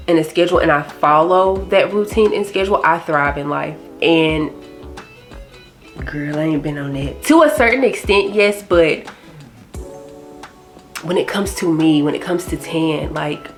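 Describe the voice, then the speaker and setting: Young woman vlogger, low voice, rambling and candid, casual slang. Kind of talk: chatty personal vlog talk.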